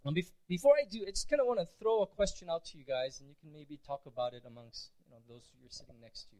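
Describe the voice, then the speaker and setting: A man's voice: on the high side, quick pace, a little mellow, rough recording. A man preaching a conversational sermon as pastor, chatty with frequent restarts.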